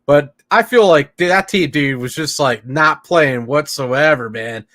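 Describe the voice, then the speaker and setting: A laid-back man co-hosting a sports podcast, with a fairly high voice. He hesitates and restarts often and keeps tossing in "man" and "dude." He sounds easygoing. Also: a little slow, a bit bright, dry recording, clean studio sound. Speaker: podcast co-host. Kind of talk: casual sports talk.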